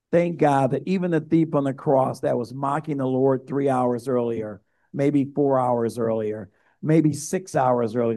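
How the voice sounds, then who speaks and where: A man's voice: mid-range voice, dark tone. A male pastor preaching a sermon, building to emphatic, repeated outbursts.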